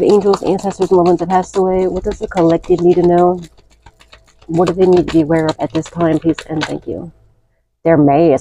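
A woman's voice: on the low side, mellow, low-quality recording. A woman doing a casual spiritual tarot reading, chatty and blunt, swearing freely and often asking "okay?". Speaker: tarot reader.

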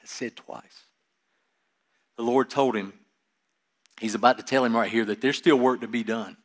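A man preaching a sermon, reading Scripture aloud and explaining it in plain, casual asides, swinging between loud emphasis and quiet, trailing lines. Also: medium pitch, steady tone, moderate pace. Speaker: pastor.

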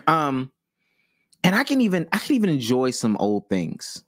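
A young man co-hosting a podcast, talking casually and haltingly, restarting phrases as he thinks aloud. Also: mid-range voice, wildly swooping pitch, no room sound, studio quality. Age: young adult. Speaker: podcast co-host. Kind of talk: casual debate chat.

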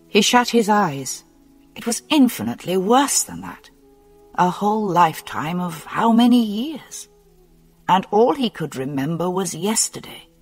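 Slow, animated mystery audiobook narrator, husky tone, long hall reverb and soft music underneath. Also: mid-range voice. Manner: slow, measured and expressive reading. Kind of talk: scripted novel narration.

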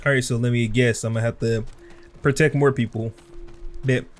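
Over game music, a young gaming channel host plays through a game, offering slangy, trash-talking commentary during the fights. He speaks at a medium pitch and normal speed with fairly even intonation.

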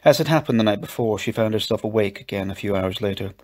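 Husky low-voiced male storyteller. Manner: gentle, measured storybook reading. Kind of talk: scripted narration.

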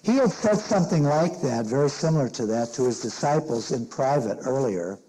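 A man in his sixties, a minister from Chicago, preaching a sermon slowly and deliberately, leaning hard on key phrases. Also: mid-range voice, expressive, mellow, low-quality recording. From Chicago, Illinois. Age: 60s. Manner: slow, deliberate preaching with emphatic stressed phrases.

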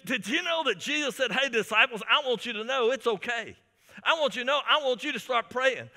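A male pastor delivers an impassioned sermon in a high, piercingly bright voice. He presses forward with stumbling restarts and repeated words. A long church-hall reverb trails his words. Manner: fervent preaching with repeated restarts. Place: church sanctuary.

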